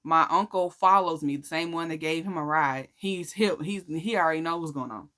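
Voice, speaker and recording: A woman tells her personal testimony in a chatty, slangy way. Her voice sits fairly low but sounds bright and forceful, and she slips into other people's voices as she quotes them. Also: normal speed. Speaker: vlogger sharing a faith testimony. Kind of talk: casual storytelling.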